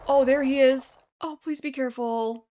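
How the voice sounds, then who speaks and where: A woman's voice: high voice, fairly even intonation, moderate pace, dark tone, slight background noise. A young woman giving a live reaction commentary, emotional and pleading, often gasping or dropping to a whisper, close to tears. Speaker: anime reaction youtuber.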